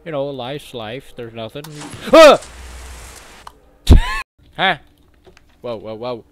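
A man's voice: medium pitch, very animated, takes it slowly, a bit bright, a little hiss or hum. Man screaming through gameplay commentary. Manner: jokey, screams and swears in panic. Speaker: gaming youtuber. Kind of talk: casual gaming commentary. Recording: music playing behind.

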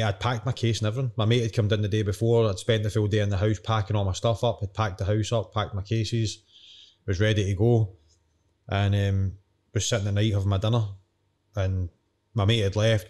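A man's voice: lowish voice, flat delivery, moderate pace, long pauses, a little mellow. A man in his thirties, a former footballer, telling stories as a podcast guest in a chatty, matey way. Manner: chatty, matey, retells quotes. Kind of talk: casual interview storytelling.

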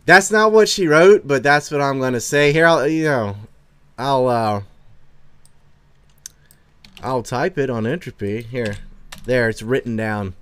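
A man's voice: medium pitch, unhurried, long pauses, a bit bright, clear, resonant tone, no room sound. Brash, sarcastic male livestream host. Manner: brash, sarcastic, swears freely; chuckles between remarks. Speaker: livestream host reading chat. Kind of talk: casual livestream chat.

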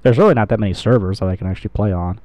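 A man's voice: on the low side, racing, darkish tone, no room sound. A man giving casual, rambling gameplay commentary, swearing and joking at himself as he plays. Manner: rambling, sweary, self-mocking. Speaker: gamer, channel host.

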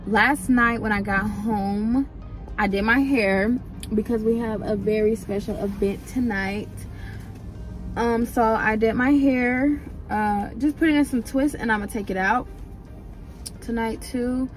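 A woman's voice: fairly high pitch, a little slow, soft background music. A woman in her twenties, an x-ray student, chatting casually to her viewers in a vlog, calling them "y'all.". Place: out and about, car, shops, home.

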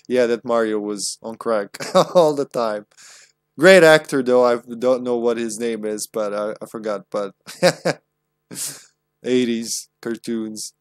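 A young man talks through a horror game on a live stream, loose and chatty, with frequent laughs and plenty of swearing. His voice sits at an everyday middle pitch. The sound is dry and close, with no room around it. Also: slow, dry recording. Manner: chatty, profane, laughs often. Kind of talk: casual live-stream gameplay commentary.

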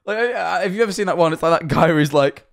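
A man's voice: fairly high pitch, quick pace, gravelly. A young man casually reacting to videos on stream, rambling, swearing freely and laughing often.

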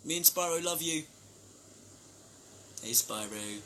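A man's voice: fairly high pitch, expressive, slow pace, pushed and bright, a little hiss or hum. A young man chatting casually on a live stream, reading out fan names and thanking them for gifts. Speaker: band member live-streaming to fans.

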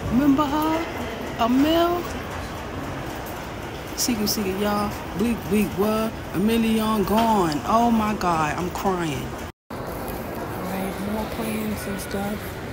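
Excited New woman touring an exhibit. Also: mid-range voice, slow pace, long pauses, heavy background noise. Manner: excited, emotional, talks under her breath to herself. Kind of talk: casual walk-through vlog. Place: indoor museum exhibit among crowds.

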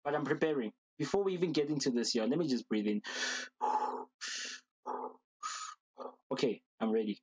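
A man hosting a reaction video, talking casually and excitedly, gushing and repeating slang fillers. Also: mid-range voice, racing, few pauses, husky, no room sound, rough recording.

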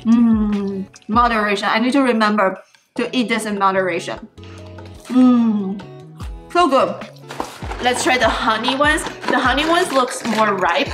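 An enthusiastic young woman talks casually through a grocery haul and cooking session in her kitchen. Her voice sits a little high, and she stacks up words for emphasis. Background music plays clearly under her talk. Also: normal speed, fairly bright tone. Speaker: vlogger. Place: home kitchen. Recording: music playing behind.

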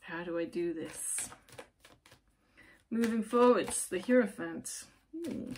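A woman with a fairly low, slightly mellow voice takes things slowly, with slight background noise. She's a tarot reader hosting her channel from home by the light of her computer, reading cards to camera in a chatty, rambling, emphatic way and often breaking off mid-sentence.

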